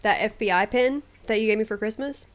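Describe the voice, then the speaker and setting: High-voiced, animated American woman. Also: fast talker. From United States. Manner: animated, teasing storyteller who laughs a lot. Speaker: podcast co-host. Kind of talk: casual podcast chat.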